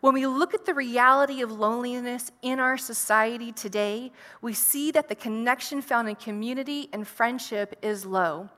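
A woman's voice: on the high side, normal speed, few pauses, a bit bright, long reverb tail. A woman preacher giving an earnest, reflective sermon, posing rhetorical questions to her listeners.

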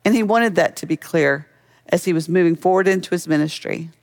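A man's voice: high-pitched, brisk, vocal fry. A man preaching a sermon as a pastor, in a conversational way that keeps asking the listeners questions.

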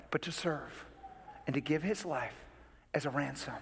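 Earnest pastor preaching in echoey hall. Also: male voice, fairly high pitch, unhurried, slightly rough. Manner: earnest, emphatic preaching with storytelling. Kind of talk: sermon.

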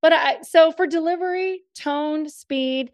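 A woman from the northern US co-hosting a podcast, chatting casually and quickly with frequent laughs. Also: high-pitched, no room sound, clean studio sound. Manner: quick, laughing, emphatic talk. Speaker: podcast co-host. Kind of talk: casual chat.

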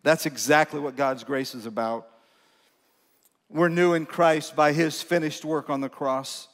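High-voiced pastor preaching in a reverberant church. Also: male voice, fairly even intonation, unhurried. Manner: conversational preaching with questions to the congregation and self-mocking humor. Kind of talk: sermon. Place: church sanctuary. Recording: long reverb of a large church hall.

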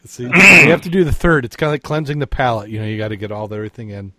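A man's voice: medium pitch, steady tone, rapid-fire, pushed and bright, dry recording. A man co-hosting a casual podcast. He halts and repeats words, tells corny puns and chuckles at them. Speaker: podcast co-host. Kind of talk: casual chat with corny jokes.

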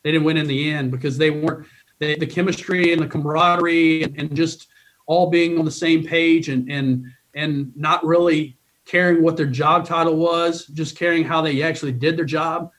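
A middle-aged man coaching college baseball speaks in a podcast interview with a voice a little higher than most men's. He tells stories earnestly and with feeling, stumbling over restarts and repeating words as he goes. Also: fairly even intonation, normal speed, fairly bright tone. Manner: earnest, emotional storytelling with many restarts.

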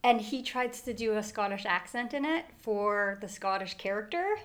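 A woman's voice: medium pitch, normal speed, fairly bright tone. A woman co-hosting a podcast, chatting casually and animatedly about a book. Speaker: podcast co-host. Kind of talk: casual book-club chat.

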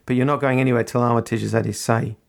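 A man's voice: mid-range voice, steady tone, very fast, creaky, natural voice. A man voicing a cool, tough woman bodyguard with a blunt, matter-of-fact manner.

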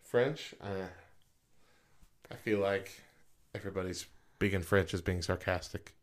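This podcast co-host has a low, unhurried voice. In a relaxed chat he reads out list items and quotes, giving the quotes extra energy, and he laughs often along the way.

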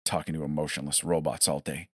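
A man's voice: very deep voice, level tone, fast, breathy edge, dry recording, studio quality. A man voicing a nervous, desperate man who talks in an exasperated, blunt way.

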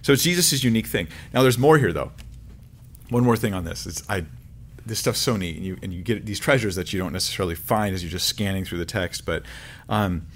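A man teaching the Bible verse by verse in a lively, conversational way, with frequent fillers and restarts. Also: on the low side.

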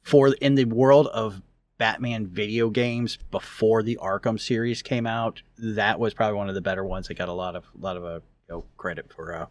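A man's voice: lowish voice, fairly even intonation, brisk, dry recording. A man co-hosting a podcast, recapping a story in casual chat, rambling with lots of fillers and restarts. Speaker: podcast co-host.

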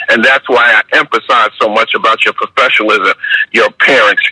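An older man with a New York accent, talking in a measured, reflective way during an interview and often checking in with "you understand?". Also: lowish voice, steady tone, pushed and bright, breathy edge, no room sound, rough recording. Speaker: guest, basketball referee mentor.

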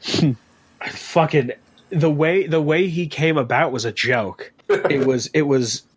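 A young man swaps tabletop game stories on a casual podcast, swearing freely and getting animated as he goes. His voice sits a touch high for a man. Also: slow pace, breathy edge. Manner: animated, profane, storytelling.

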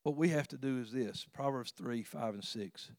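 A man preaching a sermon in a conversational, earnest way, with frequent restarts and sudden rises in pitch and volume. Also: normal speed, darkish tone, no room sound, studio quality. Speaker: pastor.

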